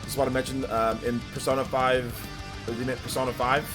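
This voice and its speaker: A man's voice: medium pitch, flat delivery, a little fast, music in the background. A man hosting a livestream, chatting casually and rambling through viewer comments with lots of filler words. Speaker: livestream host.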